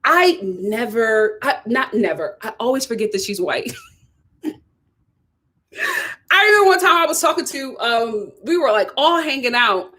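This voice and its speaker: A young adult woman, hosting a casual live-stream commentary and ranting in a sassy, animated way with laughs. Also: on the high side. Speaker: host.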